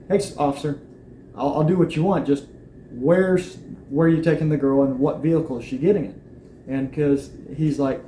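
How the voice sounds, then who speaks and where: Man, plainspoken account, fairly high voice, roomy echo. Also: warm tone. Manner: plainspoken, acts out quoted lines. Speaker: arrestee telling his story. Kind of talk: personal account. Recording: echoey room with faint noise.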